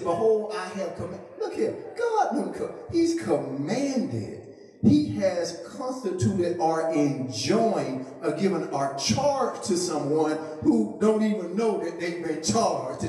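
A man preaching a sermon as pastor, joking playfully with the congregation and building up to a shout. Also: on the high side, very animated, slow. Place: church sanctuary. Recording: echoey church from a distant mic.

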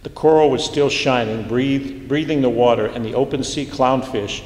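A man reading his literary fiction aloud in a measured, unhurried way, with small slips and restarts. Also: medium pitch, a little mellow. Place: lecture hall. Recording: echoey hall, roomy reverb.

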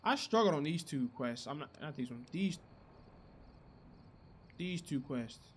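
Profane, bright-voiced young man gaming. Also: fairly high pitch, unhurried, slight background noise. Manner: profane, excitable, reacts loudly to action. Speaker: gaming channel host. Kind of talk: casual gameplay commentary.

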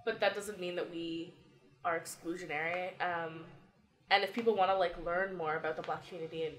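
A young woman student speaking candidly and reflectively in an interview, soft-spoken. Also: lowish voice, steady tone, brisk, soft background music. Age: young adult. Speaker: student group member.

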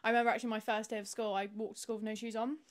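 A woman's voice: a little high, level tone, racing. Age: 20s. Sex: woman. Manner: bubbly, laughing. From South Africa. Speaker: podcast guest. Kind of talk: casual chat.

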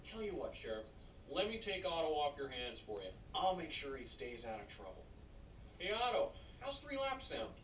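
A man's voice: on the high side, very animated, normal speed, fairly bright tone. An actor playing a friendly, confident young male race car with an easygoing, persuasive manner. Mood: coaxing. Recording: echoey game audio from far off with noise.

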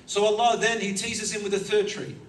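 A male preacher in an echoey hall, heard from a little way off the mic with faint room ambience behind him. His voice sits slightly high for a man. He tells the story with animation and chuckles as he goes. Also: flat delivery, a little fast, far from the mic, slight background noise. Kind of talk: sermon, storytelling. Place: lecture hall.

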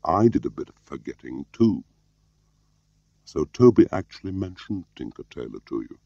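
A man with a very deep, gravelly voice playing a soft-spoken older spymaster who questions mildly, in a slightly muffled, dry recording. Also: sing-song, moderate pace, no echo, heavily acted. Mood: quiet probing. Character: quiet, probing older male spymaster.

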